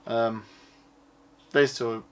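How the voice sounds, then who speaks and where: A man's voice: mid-range voice, steady tone, extremely slow, clear, resonant tone. A man chatting casually as he shows off his purchases, rambling and offhand and swearing now and then. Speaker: collector showing his purchases. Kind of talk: casual unboxing chat.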